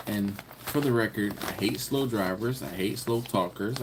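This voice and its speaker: A man hosting a live stream in casual chat, reading viewer comments aloud and answering them playfully, with frequent laughter and drawn-out teasing emphasis. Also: fairly low pitch, expressive, noisy background. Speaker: livestream host.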